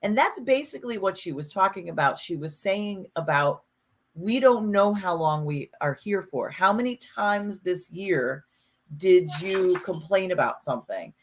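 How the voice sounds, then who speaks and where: A woman with a fairly low voice talks in a loose, casual podcast chat. She is animated and emphatic, and she swears freely as she works through her thoughts. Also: unhurried. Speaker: podcast co-host.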